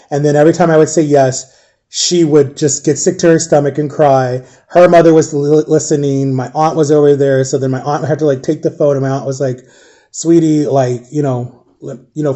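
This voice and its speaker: A young man telling his own painful story, halting and repeating himself, close to tears at times. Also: on the high side, warm tone. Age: young adult. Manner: halting, repeats himself, acts out quoted voices. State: emotional, near tears. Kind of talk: personal storytelling.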